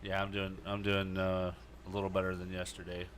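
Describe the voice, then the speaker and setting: A man's voice: deep voice, completely flat delivery, fairly quick, a bit bright, a little hiss or hum. A man co-hosting a podcast, laid-back and joking in casual chat. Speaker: podcast co-host.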